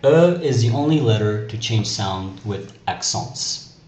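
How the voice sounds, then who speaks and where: Slow-talking male French teacher. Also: lowish voice, animated, a little mellow. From Canada. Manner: deliberate, explanatory, spells out letters. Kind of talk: classroom video lesson. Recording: echoey room with faint noise.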